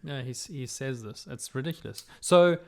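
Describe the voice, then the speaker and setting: A man's voice: mid-range voice, moderate pace, creaky. A young man co-hosting a comedy podcast, talking casually with plenty of "um" and "like". He rambles loosely through explanations in a mid-range voice. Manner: rambling, explains with many fillers. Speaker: podcast co-host.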